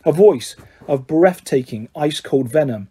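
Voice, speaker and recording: Give me a male storybook narrator with a dark, mellow, steady delivery. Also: on the high side, normal speed, breathy edge. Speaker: audiobook narrator.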